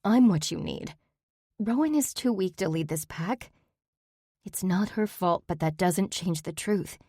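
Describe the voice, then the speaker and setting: Coaxing young she-wolf in a storybook, read by a woman, urgent and persuasive, low-pitched. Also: moderate pace, mellow, no room sound, studio quality, close to an everyday voice. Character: young female wolf shifter, pleading and persuasive.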